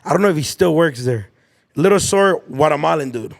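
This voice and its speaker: On his podcast, a young man with a voice on the high side talks a little fast, with some creak. He spins casual school stories in heavy slang and swearing, performing each quoted person with animation.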